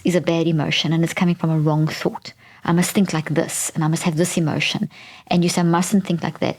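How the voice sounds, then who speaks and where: A woman's voice: low-pitched, a little mellow. A woman hosting a podcast, explaining earnestly in a monologue and often repeating words and restarting as she goes. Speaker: podcast host.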